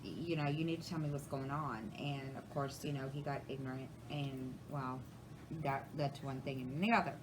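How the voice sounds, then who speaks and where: A woman's voice: rumbling low, fairly even intonation, moderate pace, background noise. Rambling woman telling a story. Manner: rambling, retells conversations, many restarts. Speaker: crafting channel host. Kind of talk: casual storytelling to camera.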